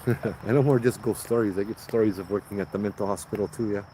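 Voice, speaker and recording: A man's voice: fairly low pitch, fairly even intonation, fast, warm tone, a little hiss or hum, rough recording. A man with a Hawaiian Pidgin accent, from Hawaii, telling ghost stories in a loose, laughing, slangy way outdoors at night by a road. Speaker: ghost story host. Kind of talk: casual storytelling livestream.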